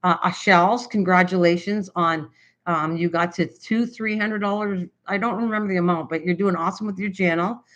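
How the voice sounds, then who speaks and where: An older woman with a Canadian accent, hosting a casual live-stream chat about crafts, rambling with lots of fillers and restarts, hyper and excited. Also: on the low side, moderate pace. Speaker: craft channel host.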